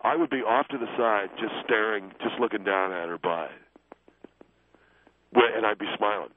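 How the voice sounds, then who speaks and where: A man's voice: lowish voice, moderate pace, voice pushed down, close to an everyday voice. A man voicing a brash, crude, boastful guest who talks about himself as a love coach, stammering and defensive, over a phone line. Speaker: guest on a call-in show. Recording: muffled phone line with faint hiss.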